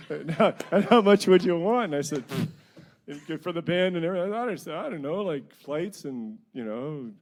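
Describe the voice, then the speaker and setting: A middle-aged singer-songwriter from New Brunswick, telling rambling, self-mocking stories between songs at a house concert. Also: male voice, a little high, a little mellow, slight background noise. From New Brunswick, Canada. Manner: rambling, self-mocking anecdotes with frequent chuckles. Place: living room at a house concert.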